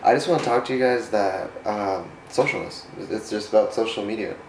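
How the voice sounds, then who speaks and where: A man's voice: lowish voice, brisk, slight background noise. A man from the United States giving a casual, faith-based vlog talk in an earnest, rambling way, often restarting and correcting himself. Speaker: vlogger. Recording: roomy echo.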